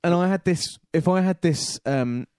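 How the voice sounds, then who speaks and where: A man's voice: sits high, normal speed, mellow, clean tone, dry recording, studio quality. A man, co-hosting a podcast in casual chat, ranting with swearing and self-corrections. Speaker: podcast co-host.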